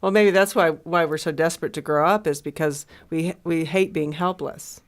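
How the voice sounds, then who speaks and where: A woman's voice: sits low, steady tone. An American woman co-hosting a conversational discussion, thinking aloud with frequent restarts and fillers. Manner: thoughtful, halting, with many restarts and fillers. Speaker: co-host.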